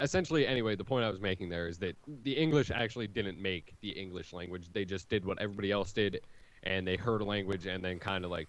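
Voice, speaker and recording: A man's voice: on the low side, fairly bright tone, dull audio. An American man in casual podcast chat, rambling as he explains things at length.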